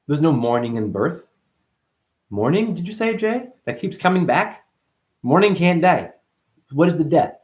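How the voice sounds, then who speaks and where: A man giving a rambling, profane spiritual talk as a teacher, now and then breaking into sudden high yelps and exclamations. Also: expressive, fairly quick, darkish tone. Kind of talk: animated spiritual monologue.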